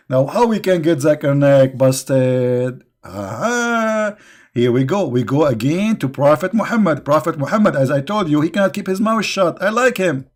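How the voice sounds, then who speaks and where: A man's voice: on the high side, animated, moderate pace. A man hosting an online religious debate who mocks, laughs at his own jokes and keeps throwing rhetorical questions at his listeners, speaking with non-native grammar. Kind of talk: sarcastic religious debate talk.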